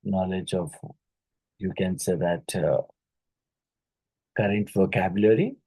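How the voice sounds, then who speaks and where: Teacher, male, Indian English accent; slow lecture delivery with repeated terms and fillers, dry recording. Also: low-pitched, fairly even intonation, mellow, husky, dry recording, rough recording. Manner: slow, repeats key words, many fillers. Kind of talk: exam question-and-answer lecture.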